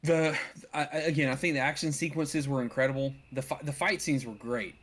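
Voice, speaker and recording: A man in a relaxed movie talk, full of stops, restarts and emphatic asides. His pitch sits in the middle of the male range, and his words tumble out in bursts when he gets going. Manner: halting, restarts often, emphatic. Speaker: podcast host. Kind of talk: casual movie review chat.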